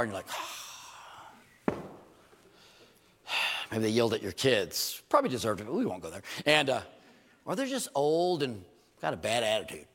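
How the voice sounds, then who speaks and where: A man preaching a sermon in a church, animated and joking, with rhetorical questions to his congregation. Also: mid-range voice. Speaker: pastor. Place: church hall. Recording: reverberant church hall.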